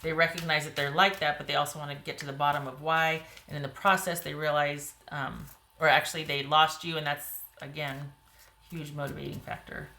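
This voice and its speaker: A woman giving a casual, rambling tarot reading to viewers, her voice getting a little hoarse. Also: low-pitched, level tone, brisk, bright, forceful tone, roomy sound. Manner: chatty, rambling, frequent "you know" and "like". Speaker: tarot reader.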